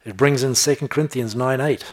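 Emphatic male preacher reading scripture. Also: mid-range voice. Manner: emphatic scripture reading with slowed stressed phrases; conversational asides with soft laughs. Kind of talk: sermon.

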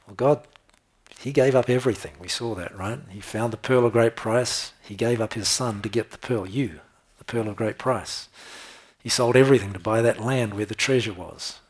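A man's voice: on the low side, moderate pace, breathy edge. A man preaching a sermon, often checking in with his listeners with "right?" and "okay?".

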